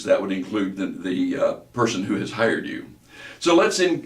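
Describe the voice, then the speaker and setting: A man teaching a speech class, talking deliberately and sounding words out slowly and precisely. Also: medium pitch. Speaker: speech instructor. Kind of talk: recorded lecture. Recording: echoey room, mic at a distance.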